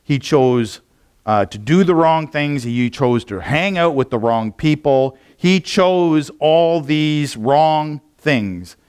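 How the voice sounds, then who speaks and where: A man's voice: on the high side, animated, slow pace, darkish tone, clear, resonant tone. Casual rambling male pastor preaching. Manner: conversational, rambling with frequent fillers and restarts. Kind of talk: sermon. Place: church.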